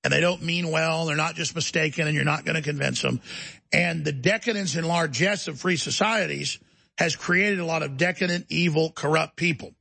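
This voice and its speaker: A man's voice: a little high, normal speed, gravelly, pushed and bright, breathy edge, no echo. A man hosting a talk show, delivering a heated, emphatic ranting monologue.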